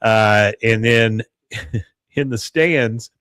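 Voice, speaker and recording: A man's voice: medium pitch, extremely slow, a bit bright, smooth, no room sound. A man co-hosting a podcast, casually recapping a TV episode and briefly acting out characters' lines. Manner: retells scenes, acting out lines in brief voices. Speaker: podcast co-host.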